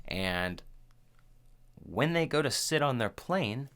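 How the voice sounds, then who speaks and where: Animated man hosting a podcast. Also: medium pitch, slow, smooth. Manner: animated, profane, rambling storyteller. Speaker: podcast host. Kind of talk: casual movie recap chat.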